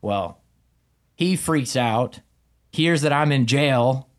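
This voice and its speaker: A man in a relaxed podcast chat spins a story with real animation. He slips into the voices of the people he quotes and swears without a second thought. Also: mid-range voice, slow. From United States. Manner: animated, acts out quoted dialogue, swears casually. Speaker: podcast guest, Muay Thai fighter. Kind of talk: casual storytelling in conversation.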